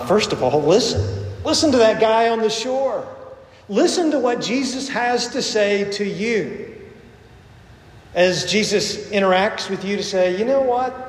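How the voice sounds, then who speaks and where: A middle-aged man pastor giving a conversational sermon, telling stories and acting out the voices he quotes. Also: sits high. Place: church sanctuary. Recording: echoey long reverb of a sanctuary.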